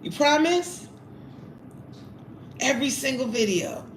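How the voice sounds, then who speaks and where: A woman's voice: sits high, animated, slow pace. A woman in her forties chatting playfully on a live stream, reading out chat names and eating while she talks. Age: 40s. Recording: roomy echo, faint noise.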